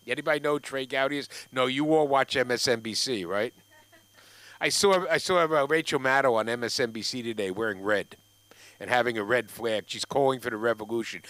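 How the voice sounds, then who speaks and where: A man's voice: mid-range voice, bright, forceful tone, dry recording. An older man doing open mic stand-up, telling a rambling story with restarts and asides to the crowd. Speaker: stand-up comic. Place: comedy club stage.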